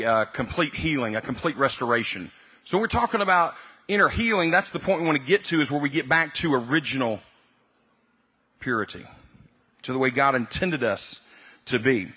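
A male pastor preaching a sermon, repeating key phrases and building to loud, emphatic peaks. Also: a little high.

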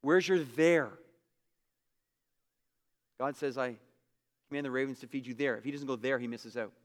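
A man preaching a sermon as pastor, emphatic and repetitive, swinging between loud bursts and hushed asides. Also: mid-range voice, moderate pace, in a large hall.

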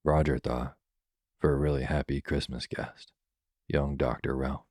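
A man reads a classic holiday tale for listeners drifting off to sleep. His voice is extremely deep and flat. The sound is close and dry, with no room around it. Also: breathy edge, no room sound. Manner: calm, soothing, unhurried. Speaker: storyteller. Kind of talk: slow bedtime story reading.

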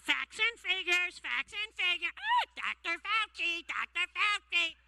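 A comedian shrieking like a cockatoo in a shrill, squawking voice, heard from a distant, noisy clip. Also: male voice, lively intonation, measured pace, vocal fry, exaggerated voice. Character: screeching man mimicking a cockatoo.

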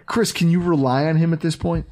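A man hosting a sports podcast, chatting casually, animated and profane, acting out quotes as he goes. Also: a little high, fairly quick. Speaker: podcast host.

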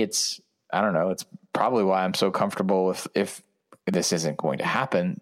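A man co-hosting a sports podcast, chatting casually in a rambling, self-interrupting way. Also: deep voice. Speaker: podcast co-host.

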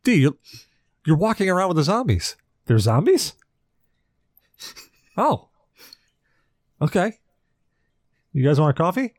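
A man's voice: a little high, sing-song, measured pace, long pauses, no echo, clean studio sound. A man co-hosting a podcast in casual chat, rambling and joking with plenty of swearing. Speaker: podcast co-host.

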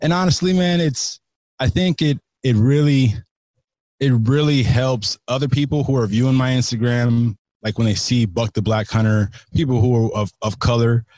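A man's voice: mid-range voice, a little mellow, no room sound. A man from California, a podcast guest, talking in a loose, slangy way, swearing freely and restarting his sentences. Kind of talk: casual chat.

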